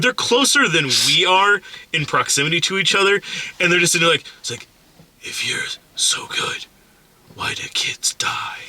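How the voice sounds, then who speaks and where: Male co-host, casual rambling film reviewer, swears freely, bright tone. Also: on the high side. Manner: profane, rambling, mocks actors with whispered impressions. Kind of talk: casual chat.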